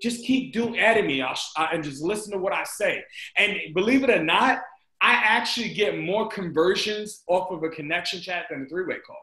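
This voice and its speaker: A man giving an energetic, repetitive motivational team training talk on a group video call, often calling his listeners "guys". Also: high-pitched, brisk, roomy sound, rough recording.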